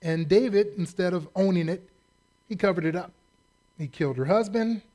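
Man, preacher, folksy humor, animated storytelling, somewhat high pitch. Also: normal speed. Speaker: pastor. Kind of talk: sermon.

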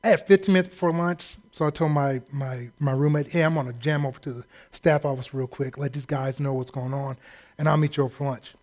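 A man preaching a sermon as a humorous personal story, self-deprecating and acting out shouted drill-staff voices. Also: medium pitch, steady tone, fast. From California, US.

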